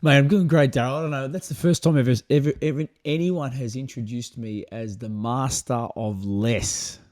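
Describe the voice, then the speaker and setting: A man's voice: medium pitch, steady tone, moderate pace, darkish tone, no room sound. Aussie guy on a podcast, friendly and upbeat, dead dry close sound. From Australia. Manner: upbeat and friendly, calls people mate. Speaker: podcast guest. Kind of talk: casual podcast chat.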